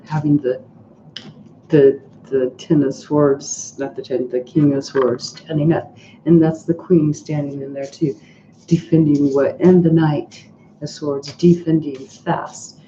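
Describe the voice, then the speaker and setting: A woman talks through a tarot reading in a loose, rambling way, full of fillers and restarts. Her voice is very dark and mellow. It sounds roomy and a little dull, with faint noise behind it. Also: sits low, fairly even intonation, measured pace. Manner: chatty and rambling, with many "like"s and restarts. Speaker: tarot reader. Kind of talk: casual tarot reading to camera.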